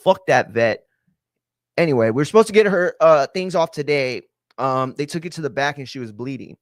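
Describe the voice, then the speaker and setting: A man's voice: fairly high pitch, a little fast, no echo, clean studio sound. A man hosting a podcast, ranting casually with lots of swearing and fillers. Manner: profane, ranting, many fillers. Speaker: podcast host. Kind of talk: casual chat.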